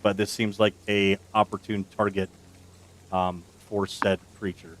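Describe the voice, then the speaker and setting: A man running a tabletop game as game master, narrating events with slow dramatic pauses. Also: on the low side, flat delivery, a little hiss or hum.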